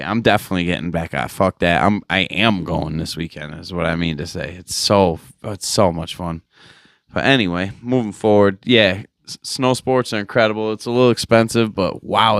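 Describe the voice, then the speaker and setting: A man's voice: lowish voice, fairly bright tone, clear, resonant tone, no echo, clean studio sound. Profane ranting podcast host man. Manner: swearing, exasperated ranting. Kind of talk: profane casual rant.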